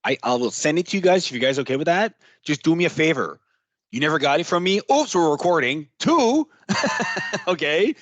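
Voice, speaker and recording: A man giving a casual workshop talk as a trainer, chatty and animated, acting out what clients might say. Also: fairly high pitch, normal speed, no room sound.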